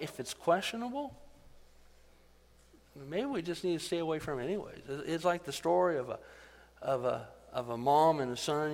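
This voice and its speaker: A middle-aged man preaching in a church hall, his fairly high voice trailing off into a long reverb. He talks to the congregation like friends, mixing asides with rising, animated emphasis. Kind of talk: sermon.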